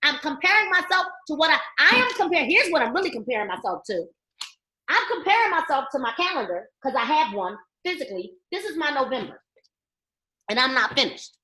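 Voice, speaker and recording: A woman's voice: sits high, sing-song, brisk, pushed and bright, echoey room, poor audio. A woman giving an emphatic motivational training talk to a group, preaching and firing questions at her listeners. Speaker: network marketing trainer. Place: indoor room.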